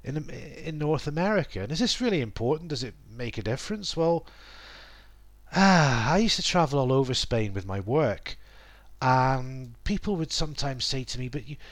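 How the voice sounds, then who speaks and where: A middle-aged man hosting a language podcast, talking through a lesson in a thoughtful, self-correcting way with many pauses and asides. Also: medium pitch, lively intonation. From England. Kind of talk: reflective spoken lesson.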